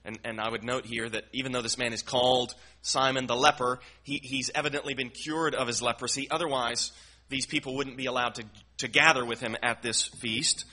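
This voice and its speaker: A man's voice: medium pitch, fairly even intonation, a little fast, pushed and bright. A man teaching through a Bible passage verse by verse, earnest and explanatory, often repeating words as he works through a thought. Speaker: preacher.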